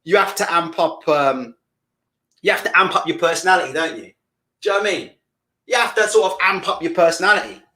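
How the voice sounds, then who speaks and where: A man hosting a live boxing stream, reading viewer comments and ranting loudly in a deliberately amped-up, swearing way. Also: a little high, lively intonation. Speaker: boxing channel host.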